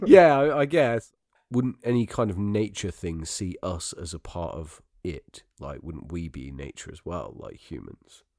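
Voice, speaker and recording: A man's voice: sits low, lively intonation, slow pace, dark tone, no echo. A male podcast co-host in loose comedy banter, his voice climbing and dropping constantly. He laughs a lot and swears freely. The sound is dry and close, with no room around it. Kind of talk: casual comedy chat.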